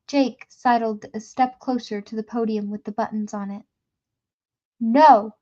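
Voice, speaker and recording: A woman's voice: a little high, moderate pace, dull audio. Woman reading a novel aloud. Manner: steady storytelling with occasional slips. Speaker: reader.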